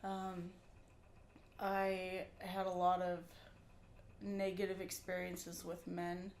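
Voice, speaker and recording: Woman, 30s, candid guest, lowish voice, echoey room with faint hum. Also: completely flat delivery, slow pace, a little mellow. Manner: candid, laughs easily. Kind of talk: casual interview.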